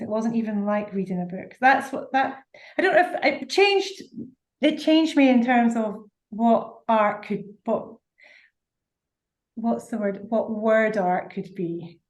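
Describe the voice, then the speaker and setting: A woman's voice: mid-range voice, a little mellow. A woman with a Scottish accent, a guest author on a podcast, chatting effusively with many fillers and exclamations. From Scotland. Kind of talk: casual interview chat.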